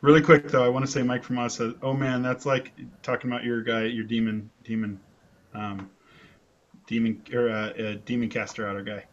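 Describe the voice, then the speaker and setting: A man's voice: medium pitch, level tone, normal speed, muffled recording. Laughing man telling rambling anecdotes. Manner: laughs a lot, rambling anecdotes with loud impressions. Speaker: podcast co-host. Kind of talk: casual chat.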